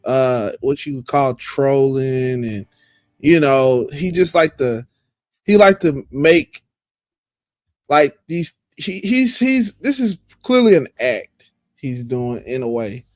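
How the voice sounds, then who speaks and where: A man's voice: medium pitch, lively intonation, takes it slowly, dry recording, studio quality. A man on a live stream speaking hesitantly, stammering and restarting as he argues a point.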